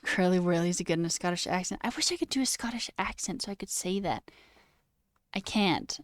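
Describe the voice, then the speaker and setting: A woman's voice: fairly low pitch, brisk, no room sound. A woman streamer in casual, playful live chat, musing aloud and answering her viewers. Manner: playful and chatty, musing aloud over word sounds. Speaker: livestreamer.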